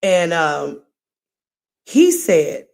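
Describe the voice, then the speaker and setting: Slow-talking woman livestream host. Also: fairly low pitch, sing-song, vocal fry. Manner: chatty, warm-hearted, meandering storyteller. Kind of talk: casual livestream chat.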